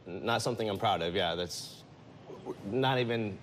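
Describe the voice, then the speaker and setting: A man's voice: fairly low pitch, normal speed, slight background noise. A man on a talk show, answering in a hesitant, sheepish way with stammered agreement.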